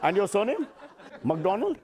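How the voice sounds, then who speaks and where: A man's voice: high-pitched, huge pitch swings, moderate pace, a little mellow, a faint crowd. A man anchoring a satirical news show, with wry, jokey asides. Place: TV studio set.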